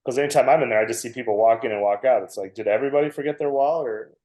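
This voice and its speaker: A man's voice: mid-range voice, very fast, dark tone. A man in his forties, a comedian guest, telling a long, self-mocking story on a podcast and laughing often. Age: 40s. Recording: roomy echo.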